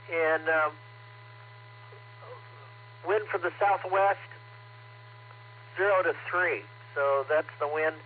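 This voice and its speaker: A man from Tennessee checking in on a ham radio net and giving a chatty weather report, with many fillers. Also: on the high side. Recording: tinny radio transmission with faint hum.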